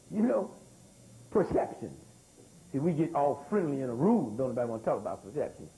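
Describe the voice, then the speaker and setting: Older male lecturer, very lively pitch, call-and-response with the audience, emphatic repetition. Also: brisk, slight background noise, poor audio. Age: 60s. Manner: animated, calls out to the crowd for responses; emphatic, repeats key words.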